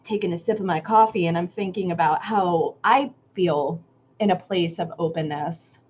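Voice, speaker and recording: A woman's voice: on the low side, moderate pace, a little mellow, breathy edge, dull audio. A woman hosting a live creative workshop stream, greeting viewers by name and musing reflectively on their comments.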